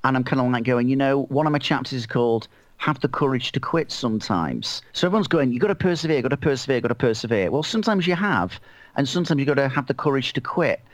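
A man's voice: medium pitch, animated, fast, no echo. A man, an author, talking casually and animatedly about his book in a podcast chat, full of asides and fillers. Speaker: author and guest.

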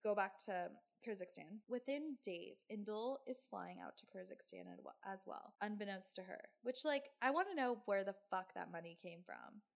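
A woman's voice: medium pitch, animated, moderate pace, creaky, few pauses. A woman hosting a podcast, telling a true crime story in casual chat with sarcastic, swearing asides. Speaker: podcast host.

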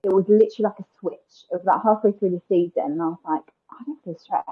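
A woman speaks in a lowish, slightly husky voice. She talks casually as a podcast guest, full of "like" and "um". The audio sounds a little muffled and lo-fi. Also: racing. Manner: chatty, frequent "like" and "um" fillers. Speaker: guest, wedding planner.

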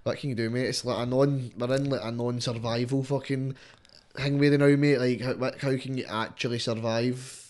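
A man's voice: medium pitch, normal speed. A Scottish man in casual chat, swearing freely and tagging "mate" onto nearly every line. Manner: swears constantly, fillers of "mate", animated impressions. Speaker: rapper, podcast guest.

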